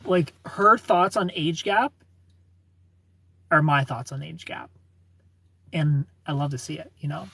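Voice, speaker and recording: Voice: medium pitch, slow pace, pauses often, fairly bright tone, breathy edge, dry recording. A livestreamer in their thirties answering chat comments in a chatty, opinionated way and laughing often. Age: 30s.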